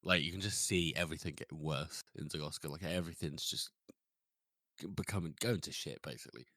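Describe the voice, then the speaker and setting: A man's voice: very deep voice, fairly quick, bright, forceful tone, no room sound, clean studio sound. A man co-hosting a podcast in an easygoing, agreeable way, readily backing up the others. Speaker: podcast co-host. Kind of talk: casual book discussion chat.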